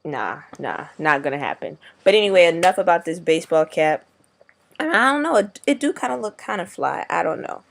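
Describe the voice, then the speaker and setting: A man's voice: on the high side, very animated, brisk, creaky, a bit bright. A young man vlogging casually, rambling in slangy, profane talk. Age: young adult. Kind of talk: casual video diary.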